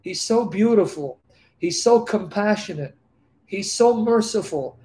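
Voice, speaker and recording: Peter, a preacher voicing an awed older apostle. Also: male voice, high voice, animated, measured pace, a little mellow. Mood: awed, loving. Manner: fervent, heartfelt, repeating lines for emphasis.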